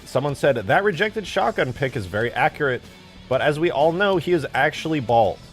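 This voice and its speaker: A young man streams and banters with his chat in a lively voice that jumps up and down in pitch. He jokes, swears freely and rambles in an easy, casual way. Soft music plays faintly behind him. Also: brisk. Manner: animated, swears often, jokey banter with chat. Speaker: streamer modding a video game.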